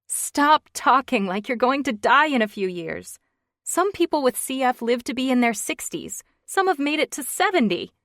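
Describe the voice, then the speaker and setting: A woman's voice: high-pitched, expressive, normal speed, fairly bright tone, dry recording, studio quality, voice pushed up. A woman reading an audiobook, voicing an emotional young wife in a raised, wobbly, pleading voice. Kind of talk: audiobook character voice.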